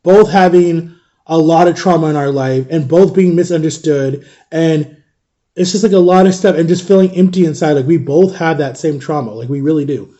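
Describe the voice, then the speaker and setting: A man's voice: on the high side, moderate pace, warm tone, dull audio. A man in his thirties telling a personal story in a casual storytime vlog, animatedly retelling a conversation and quoting both sides of it.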